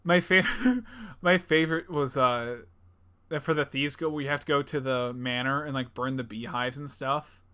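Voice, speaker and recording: Bright-voiced young man, rambling and laughing. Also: mid-range voice, steady tone, moderate pace, clean tone. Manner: rambling, laughs often, acts out game characters. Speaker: podcast co-host. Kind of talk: casual chat.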